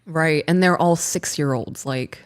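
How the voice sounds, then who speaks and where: A woman in her thirties, co-hosting a casual chat and telling a story in an animated way, laughing as she talks. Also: low voice, unhurried. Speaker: podcast co-host.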